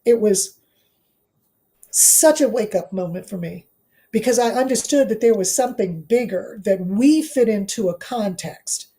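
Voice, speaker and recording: A woman's voice: mid-range voice, a little slow, mellow. A middle-aged woman from Washington, D.C., a law professor and author, telling her story in an interview, earnest and emphatic, repeating phrases for weight.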